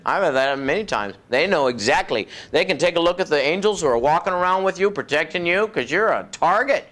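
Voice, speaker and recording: A male preacher delivers a folksy, conversational sermon in a somewhat high voice. He acts out the voices of demons and doubters, sinking into a low, soft tone for effect. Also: big pitch swings, quick pace.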